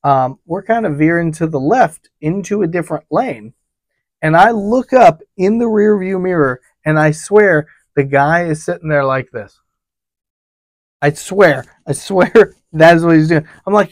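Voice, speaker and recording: A man's voice: on the high side, expressive, moderate pace, no room sound. A man who works as a travel advisor, animatedly retelling a trip story with quoted dialogue and frequent fillers. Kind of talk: storytelling vlog.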